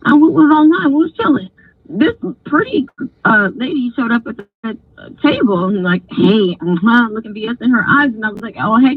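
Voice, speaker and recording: A woman tells a story on a live stream, her voice husky and a little high. She talks in a casual, animated, profane way and acts out the lines of the people in her story. The sound is dry and thin, like a phone line. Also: no echo. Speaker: channel host telling a story.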